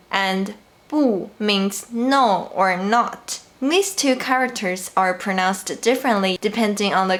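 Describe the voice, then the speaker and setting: A woman teaching a language lesson, explaining each rule carefully and repeating example words slowly. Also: medium pitch, a bit bright. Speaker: Mandarin teacher. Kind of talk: slow, clear language lesson narration.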